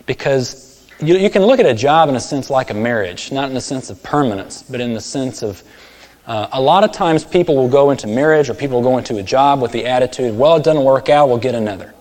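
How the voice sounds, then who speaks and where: A man preaching a sermon, telling stories and acting out characters with sudden loud, high outbursts. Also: expressive, a little fast. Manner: storytelling, acts out voices with big swings in pitch and volume. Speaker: pastor. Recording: long hall reverb.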